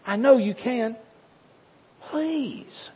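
A man's voice: very high-pitched, extremely slow, a little hiss or hum, voice pushed up, full character voice. A man voicing a desperate mother who begs for her dying daughter, in a pleading, raised voice. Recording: dull sound with long hall reverb.

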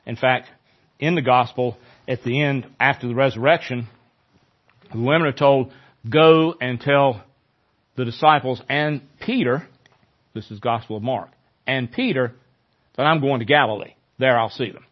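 Animated preaching man, slightly muffled. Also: mid-range voice, moderate pace. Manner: conversational, animated when quoting scripture. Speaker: pastor. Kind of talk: sermon.

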